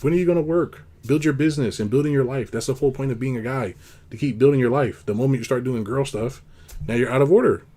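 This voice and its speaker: A man hosts a casual monologue, talking fast and mellow while rambling bluntly. When quoting lines, he acts them out in a high put-on voice.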